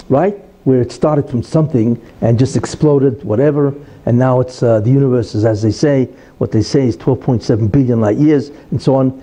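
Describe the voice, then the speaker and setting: A man's voice: mid-range voice, dark tone, husky, poor audio. A middle-aged man who is a rabbi giving a Torah lecture, telling the story animatedly with many asides.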